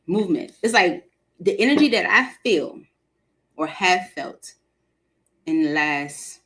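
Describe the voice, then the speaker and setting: A woman hosting a live tarot stream, chatting casually with viewers, animated and laughing often, with features. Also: fairly low pitch, takes it slowly. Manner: animated, laughs often, talks to the chat directly.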